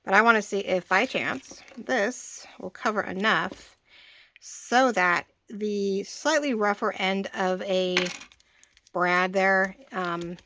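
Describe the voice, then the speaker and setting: A woman's voice: medium pitch, takes it slowly, sharp tone, no room sound. A woman in her forties hosting a casual craft tutorial, chatty and rambling, often restarting her sentences as she works. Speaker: craft channel host.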